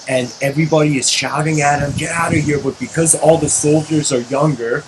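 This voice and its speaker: A man's voice: mid-range voice, noisy background. Rambling male lecturer telling a story. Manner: rambling, lots of fillers and asides. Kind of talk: casual spoken storytelling lecture.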